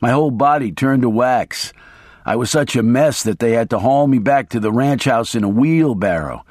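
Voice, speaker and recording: A man's voice: medium pitch, a little mellow, breathy edge, no echo, clean studio sound, natural voice. A man reading as a coarse, reckless lawyer. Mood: boasting. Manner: profane, blunt, slow and emphatic. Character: wild-talking male lawyer, reckless and coarse.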